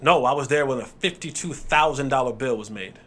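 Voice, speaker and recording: A man hosting a podcast, a former football player, telling a story in relaxed casual chat. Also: medium pitch, a little fast.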